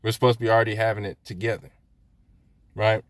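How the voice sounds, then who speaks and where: A man's voice: on the low side, level tone, fast, no room sound. Casual, chatty Bible-teaching man. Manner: conversational, peppers lines with "right?", laughs often; chats with viewers while reading scripture aloud.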